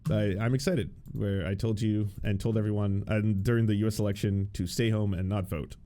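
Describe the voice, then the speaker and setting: A man's voice: fairly low pitch, fairly even intonation, a little fast, warm tone. A man giving casual, sarcastic political commentary, often restarting his words.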